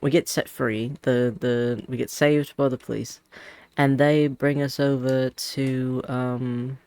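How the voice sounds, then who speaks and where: A man's voice: mid-range voice, flat delivery, slow pace, darkish tone, clean tone, no echo. A man streaming a game, telling a rambling story in casual chat with lots of restarts.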